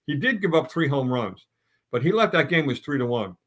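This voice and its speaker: Middle-aged guy ranting about baseball, kinda high voice, blunt and fired up. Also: big pitch swings, brisk, a bit bright. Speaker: sports talk panelist. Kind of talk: opinionated sports talk.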